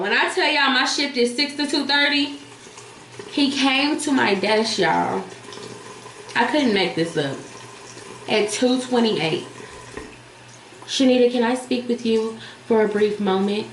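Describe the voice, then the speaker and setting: A woman vlogger telling a story in casual, animated chat, blunt and profane, talking straight to her viewers. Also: on the high side, unhurried. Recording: echoey room with faint hiss.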